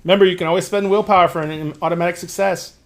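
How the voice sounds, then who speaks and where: A man running a tabletop role-playing game as game master, chatty and quick to laugh. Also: high voice, steady tone.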